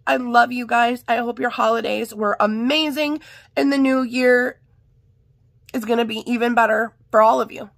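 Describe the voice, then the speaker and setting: Hoarse, chatty woman vlogger. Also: on the high side, a bit bright, no room sound. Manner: chatty, rambling. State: hoarse from illness. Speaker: haul vlogger. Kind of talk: casual haul vlog. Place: home art room and office.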